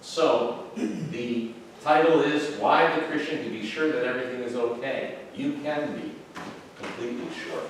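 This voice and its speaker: A man's voice: medium pitch, unhurried, a little hiss or hum. A man leading an evening Bible class, talking conversationally with fillers and restarts. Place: church classroom. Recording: very echoey room, far from mic.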